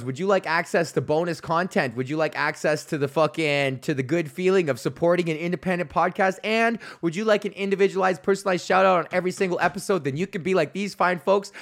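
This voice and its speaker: A man's voice: high-pitched, fairly bright tone. Swearing, rambling male comedian podcaster. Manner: rambling, swears constantly, laughs at own jokes, acts out voices in stories. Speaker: podcast host, stand-up comedian. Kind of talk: casual profane storytelling monologue.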